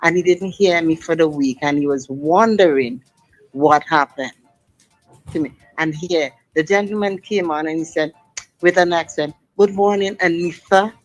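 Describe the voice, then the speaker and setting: A woman's voice: low-pitched, moderate pace, highs cut off, soft background music. A middle-aged woman calling in to a radio show, talking in long, emphatic, impassioned sentences over the phone. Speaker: radio caller. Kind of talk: call-in radio talk.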